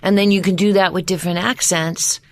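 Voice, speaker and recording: A woman with a somewhat low-pitched voice talks through her teaching methods in a relaxed podcast chat. She explains in an animated way and often restarts her sentences. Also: a little fast. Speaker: guest voice actress and voice-over teacher. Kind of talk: casual podcast conversation.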